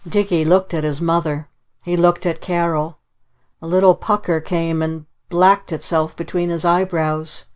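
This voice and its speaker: A woman narrating a children's storybook in a measured way. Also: fairly low pitch, little pitch movement, smooth. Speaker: audiobook narrator. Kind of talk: scripted narration.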